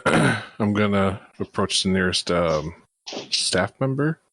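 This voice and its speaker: A man playing in a tabletop game, with a wry, deadpan way of talking. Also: lowish voice, slow, creaky. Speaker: player. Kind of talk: tabletop role-play.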